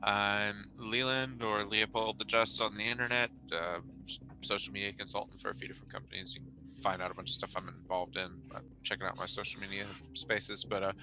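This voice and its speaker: Low, very bright-voiced joking man. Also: level tone, brisk, slight background noise, low-quality recording. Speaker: player. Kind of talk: casual chat introducing himself.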